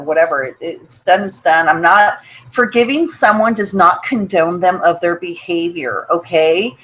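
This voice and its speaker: A woman's voice: fairly low pitch, fairly bright tone, lo-fi sound. A woman hosting a motivational webinar, talking in an earnest, personal way, often repeating words and checking in with "okay?". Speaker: webinar host.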